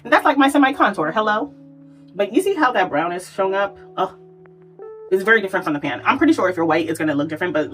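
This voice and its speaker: A woman's voice: on the low side, fairly bright tone. A woman chatting casually through a makeup tutorial, exclamatory and swearing freely as she works. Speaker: makeup vlogger.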